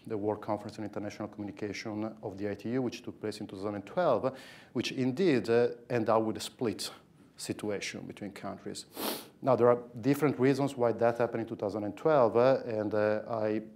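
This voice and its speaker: A man's voice: fairly low pitch, darkish tone. Italian man speaking on a policy panel. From Italy. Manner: measured, thoughtful, with frequent fillers. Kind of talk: panel discussion.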